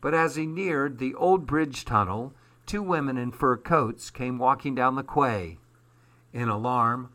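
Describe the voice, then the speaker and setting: A man reading a children's storybook aloud in a slow, measured way. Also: medium pitch, sharp tone. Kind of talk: storybook narration.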